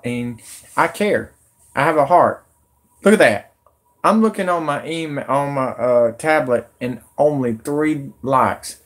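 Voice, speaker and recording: Urgent, rambling male live streamer. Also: medium pitch. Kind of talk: excited live stream talk.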